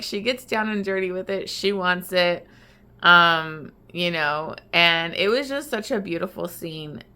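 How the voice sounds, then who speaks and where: Woman booktuber, lower pitch, forceful tone, emotional chatty recap. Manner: emotional, heavy use of "like". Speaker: book reviewer. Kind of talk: casual vlog recap.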